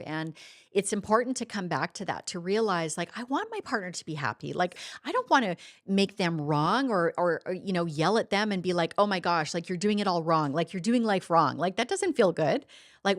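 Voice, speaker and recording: A middle-aged woman co-hosting a relationship coaching podcast, her voice at an ordinary mid pitch. She talks earnestly and casually, her sentences full of "like" fillers. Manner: earnest, warm-hearted, many "like" fillers. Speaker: co-host, life coach.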